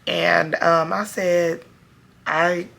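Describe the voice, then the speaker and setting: A hoarse woman recapping a TV episode for her viewers in a sassy, casual, chatty way. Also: lowish voice, flat delivery, very slow, a bit bright. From Chicago area. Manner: sassy, talks straight to her audience with slang. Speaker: TV show review vlogger.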